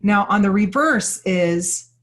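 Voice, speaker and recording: A woman's voice: mid-range voice, expressive, takes it slowly. A woman giving a live workshop talk to an audience, earnest and openly personal, explaining ideas with many everyday examples. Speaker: workshop presenter.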